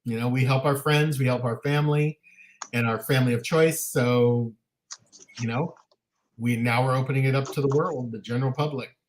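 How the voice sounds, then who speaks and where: Guy co-hosting a chat show, talks fast and loose, keeps restarting his sentences. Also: medium pitch, steady tone, a little hiss or hum. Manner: chatty, frequent self-restarts. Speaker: talk show co-host. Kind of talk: casual chat. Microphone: livestream setup.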